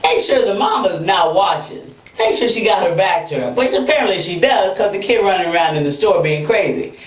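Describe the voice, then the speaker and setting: A woman hosting a comedic monologue show, talking in an animated way that swings from playful to mock outrage, recorded in a bathroom. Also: mid-range voice, brisk. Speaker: comedic web show host. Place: bathroom, in a bathtub. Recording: roomy, distant, dull lo-fi sound.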